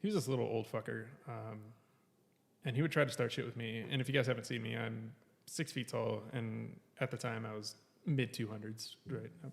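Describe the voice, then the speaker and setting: A man on a casual podcast works through a lengthy story full of profanity, laughing between lines and quoting people with animated impressions. He speaks briskly in a mid-range, creaky voice with fairly even intonation, in a big-room sound.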